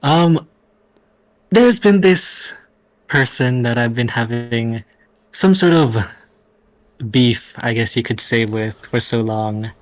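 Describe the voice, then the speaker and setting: A man's voice: mid-range voice, expressive, slow pace, pauses often, no room sound, rough recording. A man playing his character in a tabletop game, casual and a bit hesitant. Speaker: player.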